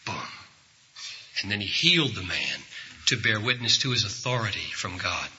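A man's voice: on the low side, big pitch swings, fairly quick, sharp tone. A man preaching a sermon to a church congregation, telling stories dramatically and acting out the voices in them. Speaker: pastor. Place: church service before a congregation. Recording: echoey hall, dull lo-fi sound.

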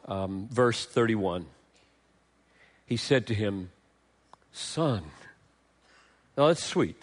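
A middle-aged male pastor preaching a sermon, swinging from emphatic lines to hushed, tender ones. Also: medium pitch.

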